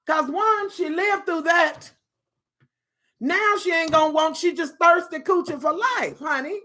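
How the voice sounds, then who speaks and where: A woman's voice: high voice, big pitch swings, unhurried, bright, forceful tone. A woman hosting a casual live stream, chatting in a sassy, bawdy way with laughing asides to her viewers.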